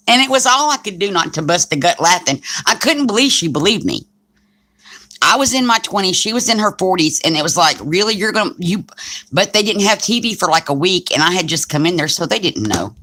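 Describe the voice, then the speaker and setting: A woman's voice: fairly low pitch, big pitch swings, fairly quick, fairly bright tone. A woman hosting a craft livestream, telling joking stories in a chatty way with frequent laughs. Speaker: craft channel host. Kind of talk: casual livestream chat.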